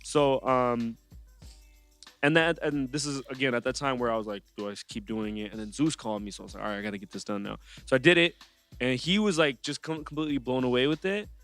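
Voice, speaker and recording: A young man, a rapper guest on a podcast, telling his story in a casual, animated way and acting out what others said to him in slang. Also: mid-range voice, fast, faint music behind. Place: podcast studio.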